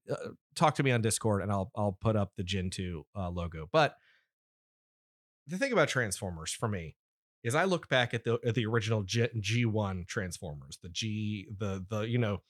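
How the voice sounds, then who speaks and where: Rambling low-voiced man, dry close mic. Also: fairly bright tone, no echo. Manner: rambling with restarts and fillers. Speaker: podcast host. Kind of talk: casual nerdy chat.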